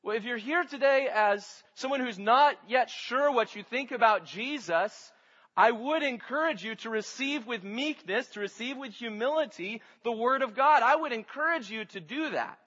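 A man's voice: very high voice, lively intonation, moderate pace, sharp tone, in a large hall, lo-fi sound. A man pastor preaching a sermon, teaching his congregation with rhetorical questions.

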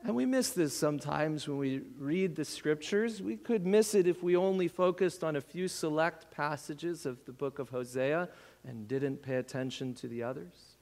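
A man's voice: fairly high pitch, moderate pace, darkish tone, long reverb tail. A man preaching a sermon as pastor, earnest and building to impassioned appeals, at times dropping almost to a whisper.

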